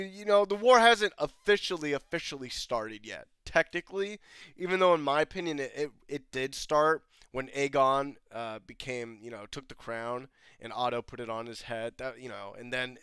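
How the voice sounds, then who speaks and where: A man's voice: medium pitch, unhurried, fairly bright tone, smooth, dry recording. Profane, rambling young man reviewing a show. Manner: profane, rambling, laughing often. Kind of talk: casual episode breakdown.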